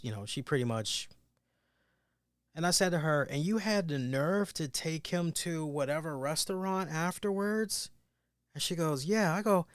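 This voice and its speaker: A man hosting a wrestling review show, telling a story in an animated way and acting out the people in it with loud bursts. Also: fairly high pitch, unhurried, clear, resonant tone, no room sound, clean studio sound. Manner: emphatic, acts out quoted voices with loud bursts.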